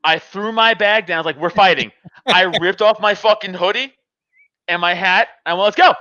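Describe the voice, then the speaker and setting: A man's voice: high voice, moderate pace, dry recording, muffled recording. A man telling a story in casual talk, laughing often and acting out the people in it, with plenty of swearing. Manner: animated, laughs often, acts out both sides of the argument. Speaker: podcast host telling a story.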